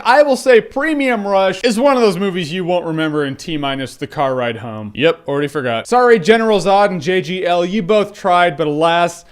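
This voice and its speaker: A young man reviewing a film in a casual, slangy, animated way, often acting out quick quotes. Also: high voice. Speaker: movie reviewer.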